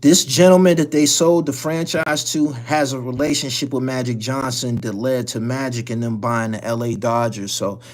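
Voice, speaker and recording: Blunt, profane call-in show host. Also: male voice, mid-range voice, steady tone, normal speed, hardly any pauses. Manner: blunt, profane, rambling with restarts. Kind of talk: casual live-stream call-in talk.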